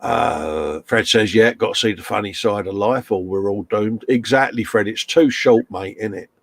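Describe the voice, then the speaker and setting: Gravelly man chatting on a live stream. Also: on the low side, moderate pace, no room sound. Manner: chummy banter, reads chat messages aloud. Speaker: co-host of a live stream chat show. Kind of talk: casual live-stream chat reading out comments.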